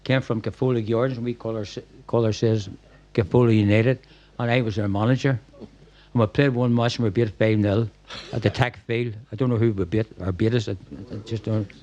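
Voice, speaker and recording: A man's voice: on the low side, steady tone, a little fast, warm tone, lo-fi sound. An older man with a Northern Irish accent, telling rambling football stories to a packed room at a live podcast. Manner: rambling anecdotes with stumbles and laughs. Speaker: guest, former football manager. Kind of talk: storytelling at a live podcast event.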